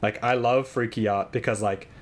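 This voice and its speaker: A man live-streaming a game, chatting casually with viewers and thinking aloud in an excitable, rambling way, sometimes shouting at his in-game horse. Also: medium pitch, normal speed.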